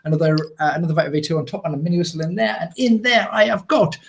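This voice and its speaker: Excitable chatty British man. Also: a little high, rapid-fire, vocal fry. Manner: excitable, rambling with fillers and laughs. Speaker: co-host. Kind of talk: casual live show chat.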